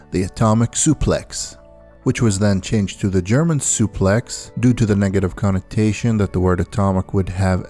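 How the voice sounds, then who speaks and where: A man giving a scripted video-essay narration as the host, counting down a list in a steady delivery over faint background music. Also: fairly low pitch. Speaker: anime and wrestling video host.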